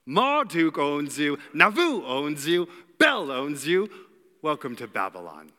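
A man's voice: fairly high pitch, sing-song, takes it slowly, pushed and bright, heavily acted. A man voicing a scheming male court official of an ancient empire, with a theatrical evil old-world accent and a mocking, grandiose manner. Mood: gloating. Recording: long hall reverb.

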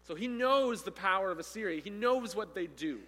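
Animated preacher man in a reverberant hall. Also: high-pitched, normal speed. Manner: animated storytelling, acting out the quoted speakers. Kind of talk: sermon.

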